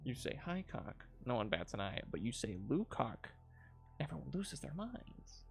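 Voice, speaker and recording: Male co-streamer, mid pitch, animated and gravelly, teasing banter over faint music. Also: normal speed. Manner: giggly, teasing, jumps in with jokes. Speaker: streamer co-host. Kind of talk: casual chat.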